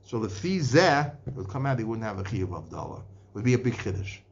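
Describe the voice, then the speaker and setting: A man's voice: on the low side, sing-song, fairly quick, creaky. A man giving a Torah lecture in English full of Hebrew and Aramaic terms, often restarting and repeating words as he works through the sources. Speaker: Torah teacher. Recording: dull lo-fi podcast recording.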